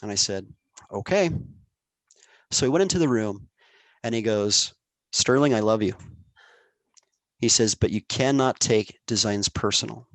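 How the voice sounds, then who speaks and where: A man in his thirties, a game producer appearing as a guest, tells work stories in a casual interview, animatedly acting out quoted dialogue. His fairly low voice is unhurried with frequent pauses, on a dry recording.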